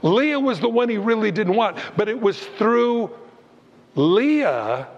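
Animated preacher in a reverberant hall. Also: male voice, sits high, slow, highs cut off. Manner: animated, acts out voices of Bible figures. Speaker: pastor. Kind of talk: sermon.

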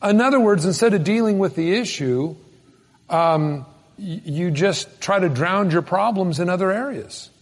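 A man preaching a sermon in a folksy, animated storytelling manner with sudden loud bursts. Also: high voice, normal speed, long reverb tail. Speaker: pastor.

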